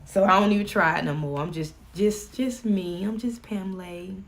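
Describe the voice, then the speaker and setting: A woman's voice: mid-range voice, normal speed. A woman with a Southern US accent chatting casually on a live stream, folksy and joking. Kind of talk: casual chat.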